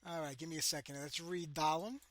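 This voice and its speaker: A man with a fairly high voice hosts a live radio show. He talks loosely and casually, filling the air while he waits on a phone call. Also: steady tone, fast talker, fairly bright tone. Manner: loose and chatty, talks through dialing attempts.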